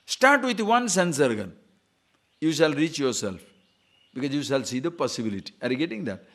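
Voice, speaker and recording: A man, a spiritual teacher, giving an animated lecture on scripture and acting out little scenes of quoted speech. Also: fairly high pitch, moderate pace. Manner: animated, acts out quoted speech, chuckles at own stories.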